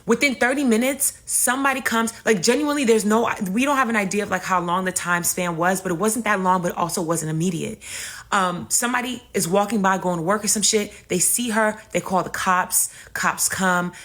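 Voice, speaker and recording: A young woman telling a comedic story in a casual, animated and profane way, speaking straight to her audience. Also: mid-range voice, brisk.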